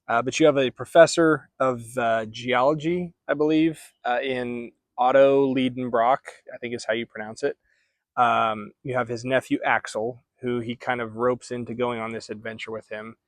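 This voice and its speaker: Male vlogger, mid-pitch, loose and chatty book-review delivery, dry close sound. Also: fairly even intonation, normal speed, no room sound. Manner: chatty, rambling, self-correcting.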